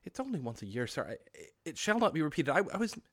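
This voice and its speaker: A timid office clerk who stammers his apologies, played by a man reading aloud. The voice is lively but shaky with nerves, and it sounds dry and close. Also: on the high side, quick pace, breathy edge, dry recording, voice pushed up, full character voice. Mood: nervous. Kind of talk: storybook reading.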